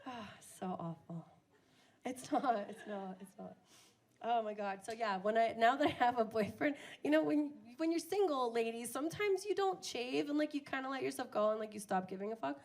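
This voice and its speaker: A woman's voice: on the high side, animated, moderate pace, a little mellow. A young woman doing a crude, self-mocking stand-up comedy set on a bar stage, often laughing at her own jokes.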